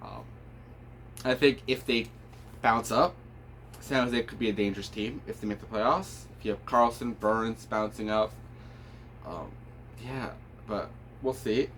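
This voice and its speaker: A man's voice: on the low side, steady tone, measured pace, long pauses, fairly bright tone, slight background noise. Rambling man giving hockey opinions. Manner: rambling, frequent fillers and restarts. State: tired, yawning. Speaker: hockey commentator. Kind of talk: casual unscripted opinion video.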